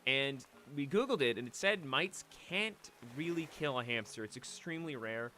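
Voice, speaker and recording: A man's voice: medium pitch, expressive, normal speed, pushed and bright, slight background noise. A young man on a late-night game stream, rambling emotionally about a lost pet, choked up at times. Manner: rambling, emotional, with restarts and swearing.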